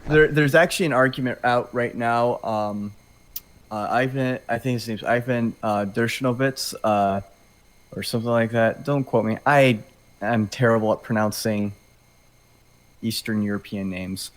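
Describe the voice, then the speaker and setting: A man's voice: mid-range voice, fairly even intonation, a little slow, low-quality recording. A man appearing as a guest on a casual chat show, talking offhand and reading passages aloud.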